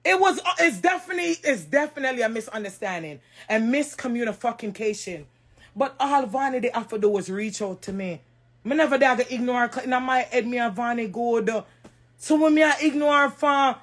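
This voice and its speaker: A woman's voice: a little high, brisk. A Jamaican woman in an emotional, crying rant on a livestream, emphatic and repetitive, raising her voice at times. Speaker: social media personality.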